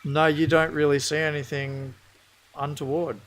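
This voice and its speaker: Relaxed man running a tabletop game. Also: a little high, normal speed, slight background noise. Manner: relaxed, reads lore aloud, answers players' questions. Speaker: game master.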